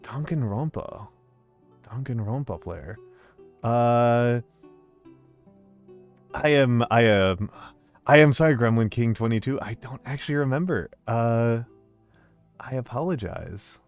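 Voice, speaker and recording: Man, streamer, casual chat, lots of ums, mid-pitched voice, faint music behind. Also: animated, slow, pauses often. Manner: hesitant, filler-heavy, warm greetings to chat.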